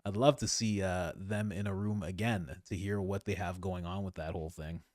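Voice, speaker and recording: A man's voice: low-pitched, fairly even intonation, normal speed, darkish tone, no room sound, clean studio sound. A man hosting a podcast, giving casual political commentary in an opinionated, exasperated way. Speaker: podcast host.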